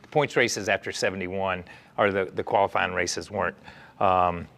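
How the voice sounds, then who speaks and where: A man hosting an interview, asking eager, rambling questions and often answering with a quick "yeah.". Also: deep voice, fairly even intonation, a bit bright. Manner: eager, filler-heavy questions with frequent "yeah" backchannels. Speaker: interview host. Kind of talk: casual interview chat.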